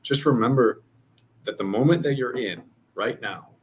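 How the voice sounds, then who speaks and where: A man's voice: mid-range voice, moderate pace, breathy edge. A man co-hosting a podcast in casual chat, earnest and encouraging, often restarting his phrases. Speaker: podcast co-host.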